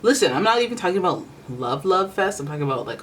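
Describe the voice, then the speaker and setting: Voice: medium pitch, big pitch swings, quick pace, a bit bright, slight background noise, low-quality recording. A tarot reader giving a casual reading, talking in a rambling, chatty way that keeps correcting itself.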